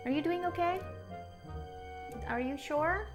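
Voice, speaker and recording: Woman doing a soft-spoken, prying inner-doubt character, quiet and insistent. Faint music underneath. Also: extremely high pitch, a little slow, pitched above the performer's own voice. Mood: needling. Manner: soft, prodding, insinuating questions. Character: nagging automatic thought, a needling young woman. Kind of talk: acted coaching skit.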